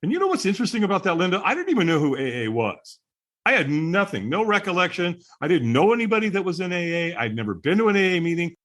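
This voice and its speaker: A man's voice: sits high, sing-song, fast, a bit bright. Earnest middle-aged man telling his story. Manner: earnest, candid, chuckles between stories. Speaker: podcast guest. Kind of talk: personal storytelling in conversation.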